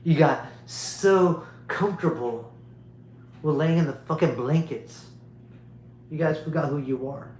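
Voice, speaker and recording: Male streamer, preachy rambling monologue, slightly high voice, roomy echo. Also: a little slow, darkish tone, slight background noise. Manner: preachy, emphatic, repetitive. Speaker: livestream host.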